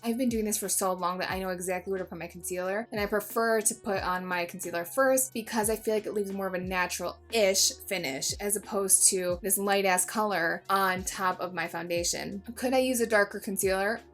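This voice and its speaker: A woman's voice: medium pitch, a little fast, hardly any pauses, fairly bright tone, soft background music. A woman giving a casual makeup tutorial, chatty and jokey, swearing freely and mocking herself. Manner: self-mocking asides. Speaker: beauty vlogger.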